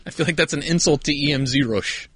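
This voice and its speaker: A man's voice: fairly high pitch, fast, a bit bright, no echo, clean studio sound. A man co-hosting a podcast in casual chat, joking around, swearing freely and laughing often. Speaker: podcast co-host.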